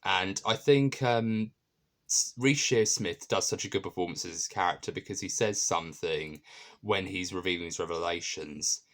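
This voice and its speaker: A man's voice: deep voice, moderate pace, fairly bright tone. A man casually reviewing a TV episode, enthusiastic and rambling, with many ums and restarts.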